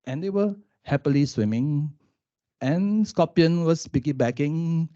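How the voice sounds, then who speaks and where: A man and youth worker on a conference panel, telling a story with lively questions to the audience. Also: on the high side, unhurried, dry recording, highs cut off.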